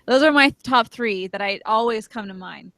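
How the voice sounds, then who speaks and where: A woman co-hosting a casual podcast chat, friendly and quick to laugh, talking in loose run-on sentences. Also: on the high side, pushed and bright, dry recording. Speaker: podcast co-host.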